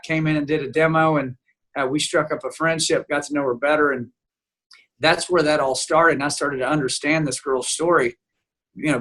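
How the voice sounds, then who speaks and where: Bright-voiced man telling a lively story. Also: a little high. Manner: lively storyteller who acts out quoted dialogue. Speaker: interview guest, songwriter. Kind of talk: animated storytelling in casual chat.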